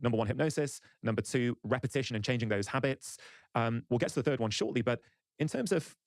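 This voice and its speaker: A man's voice: medium pitch, no echo, studio quality. A man hosting a podcast interview who sums up his guest's points and briefly promotes his channel. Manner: measured, summarizing, plugs his channel. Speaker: podcast host. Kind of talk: interview conversation.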